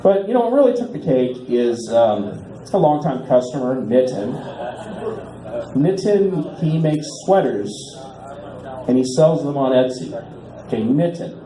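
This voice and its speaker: A man in his forties doing a stand-up comedy set in a bar, delivering punchlines deadpan and drawing out repeats while he waits for laughs. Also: mid-range voice, unhurried, pauses often, roomy sound, rough recording. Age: 40s. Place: small bar stage.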